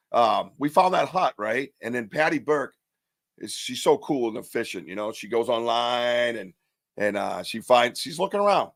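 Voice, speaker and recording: A man's voice: medium pitch, fairly bright tone, dry recording. A man hosting a live streamed talk show, rambling loosely, joking and swearing casually, from the northern United States. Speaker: podcast host.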